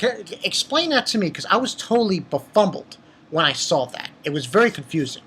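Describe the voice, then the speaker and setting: Husky-voiced man rambling through a recap. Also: high-pitched, brisk. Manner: rambling, excitable, many fillers and restarts. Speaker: manga review channel host. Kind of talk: casual chapter recap.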